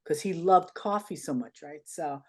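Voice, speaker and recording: An older woman, an interview guest, telling stories in an animated way and acting out the people she quotes. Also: deep voice, moderate pace. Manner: animated, acts out quoted dialogue. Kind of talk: anecdotal storytelling.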